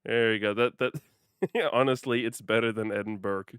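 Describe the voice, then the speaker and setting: A man's voice: on the low side, fairly even intonation, normal speed, a bit bright, smooth, no echo, studio quality. Playful man streaming a driving game. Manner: chatty, playful, laughs often, talks to chat. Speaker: livestreamer. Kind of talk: casual gaming livestream chat.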